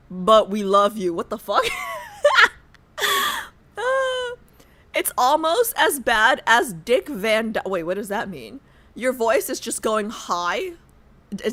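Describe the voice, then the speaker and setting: A young woman streamer from New York talks to her chat in a high, bright voice that leaps up and down with lively swings. She rambles, restarts her sentences and breaks into laughter easily, keeping the whole thing loose and playful. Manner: animated, chatty, laughs often, rambles with restarts. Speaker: livestreamer. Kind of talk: casual livestream chat.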